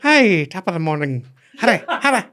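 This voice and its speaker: A man doing a prim, disapproving middle-aged Irish lady with a mock Irish lilt, pitched well above his own voice. The put-on is exaggerated and sing-song for comic effect. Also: big pitch swings, normal speed, a crowd in the background. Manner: exaggerated, high sing-song, breaking into laughs. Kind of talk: comic reading of a tweet.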